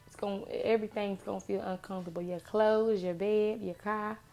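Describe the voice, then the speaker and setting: Woman, gravelly voice, mid pitch, motivational faith talk, impassioned, soft music behind. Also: fairly even intonation, brisk. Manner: earnest, impassioned, repeats phrases for emphasis.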